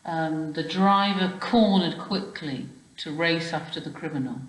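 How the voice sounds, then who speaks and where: Slow, patient woman teaching spelling. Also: low voice, roomy sound, rough recording. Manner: patient, explains step by step with questions. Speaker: primary school teacher. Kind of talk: recorded spelling lesson for children.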